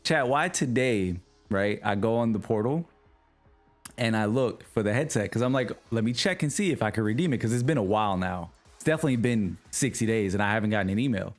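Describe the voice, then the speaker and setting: A man's voice: lowish voice, a little fast, faint music behind. A young man hosting a livestream, telling his chat a long, exasperated story and voicing the people in it. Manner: animated, exasperated retelling with voiced quotes. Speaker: livestream host.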